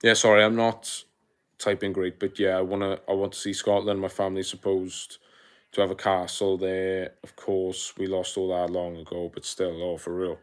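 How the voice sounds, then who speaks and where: A man's voice: low-pitched, moderate pace, clean tone. A young man from South Wales with a South Welsh accent, chatting casually on a live stream, reading out viewer comments and answering them with slang. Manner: relaxed, chatty, uses slang like mate and my guy. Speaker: livestreamer.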